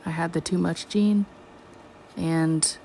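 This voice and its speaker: A woman's voice: fairly low pitch, fairly even intonation, takes it slowly, creaky, dark tone, a little hiss or hum. Rambling woman in a late-night voiceover. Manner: chatty, scattered, talks to herself; slips in and out of a country twang. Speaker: art vlogger. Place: at home at night.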